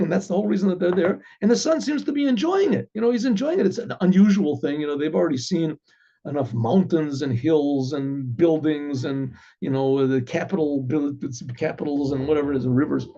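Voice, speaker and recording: A man's voice: a little high, animated, brisk, gravelly, mellow. A man, a rabbi, telling a story in a casual, rambling way full of restarts. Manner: rambling, many restarts and fillers. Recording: dull lo-fi recording.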